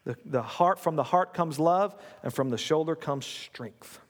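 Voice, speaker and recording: A man's voice: fairly high pitch, a little slow, in a large hall. A man preaching a sermon in a church, talking conversationally, coaxing the congregation and repeating key lines.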